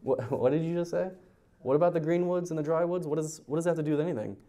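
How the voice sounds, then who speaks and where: A man's voice: a little high, fast, warm tone, pitched above the performer's own voice, lightly acted. A man voicing a puzzled woman mourner who fires off baffled questions.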